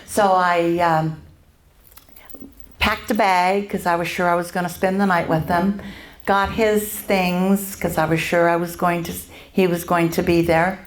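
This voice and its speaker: An older woman sharing her personal faith testimony at a church event, halting, with many pauses and fillers. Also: fairly low pitch, flat delivery, echoey room.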